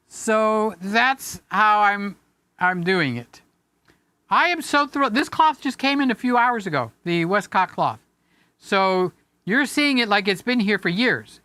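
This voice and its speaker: A man's voice: high voice, pushed and bright, clear, resonant tone, no echo. A man hosting a casual live stream from a home studio room, rambling, joking and affectionate with his viewers.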